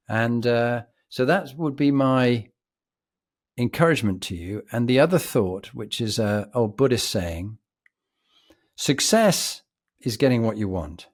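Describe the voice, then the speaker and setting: Brief: posh British male guest, vivid anecdotal storyteller, mid pitch. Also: normal speed. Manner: reflective, vivid, animated storyteller. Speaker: podcast guest.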